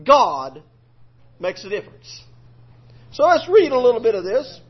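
A man's voice: very high voice, very animated, unhurried, husky. A male preacher telling a scripture story in a homespun, colloquial sermon. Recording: lo-fi recording.

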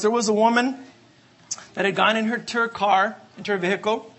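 A man's voice: high voice, fairly even intonation, brisk, fairly bright tone. A man preaching a sermon, emphatic and repetitive, asking for amens. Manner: emphatic, repeats refrains, asks the congregation for amens.

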